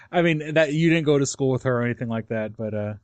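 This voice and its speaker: A man's voice: mid-range voice, animated, moderate pace, dry recording. Joking, laughing male podcast co-host. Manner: laughs often, loose and joking. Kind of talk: casual chat.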